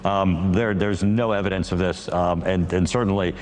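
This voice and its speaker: A man's voice: deep voice, steady tone, moderate pace, a little mellow. A man giving a dismissive interview answer, hesitant with many fillers.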